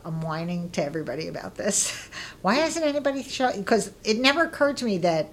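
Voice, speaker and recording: A middle-aged woman being interviewed, telling stories in a casual, lively way and acting out what people said with bursts of laughter. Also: fairly low pitch, brisk. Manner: lively, acts out quoted voices with laughter. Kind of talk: casual storytelling.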